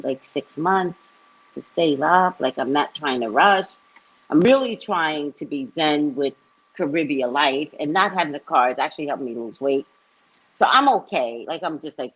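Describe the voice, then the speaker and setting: Husky, lively woman telling a story. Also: sits low, moderate pace. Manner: animated storyteller, laughs often, acts out quotes. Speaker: psychic reader and vlogger. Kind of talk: casual live-stream chat. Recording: dull lo-fi stream audio.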